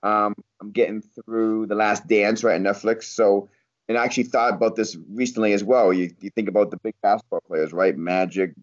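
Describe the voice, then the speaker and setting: A man with a lowish voice talks with friends, stumbling and repeating words while he finds his point. The sound is dull and lo-fi. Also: fairly even intonation. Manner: rambling, halting, repeats words. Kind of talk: casual chat among friends.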